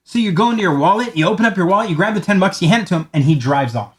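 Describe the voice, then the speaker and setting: A man giving a talk on marketing, telling a long story in a conversational way and acting out the lines of the people in it. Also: rapid-fire. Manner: animated storyteller, acts out quoted lines in a higher voice; conversational, repeats words as he talks. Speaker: marketing speaker.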